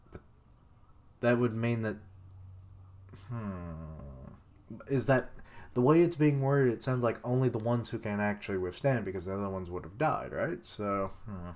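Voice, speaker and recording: A young man on a live stream reacting casually to a comic chapter, reading dialogue aloud and swearing now and then. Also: fairly low pitch.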